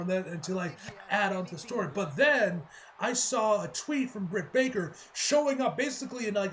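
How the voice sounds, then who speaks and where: Casting: high-pitched male reviewer, rambling and excitable, casual solo chat. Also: slight background noise. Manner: excitable, rambling, lots of fillers and laughter. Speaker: wrestling reviewer.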